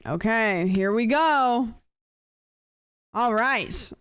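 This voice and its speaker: A woman's voice: a little high, expressive, very slow, fairly bright tone, clean tone, dry recording, clean studio sound. A woman live-streaming a game, chatting casually and reacting aloud as she plays. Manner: chatty, reacting and commenting aloud while playing. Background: game music.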